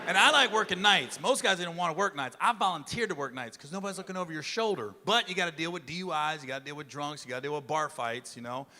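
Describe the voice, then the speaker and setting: A man's voice: on the high side, lively intonation, quick pace, few pauses, pushed and bright. A man doing stand-up, telling a long story in a loose, profane way and acting out the voices of the people in it. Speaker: stand-up comedian. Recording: live stage, large hall with crowd laughter. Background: audience laughing.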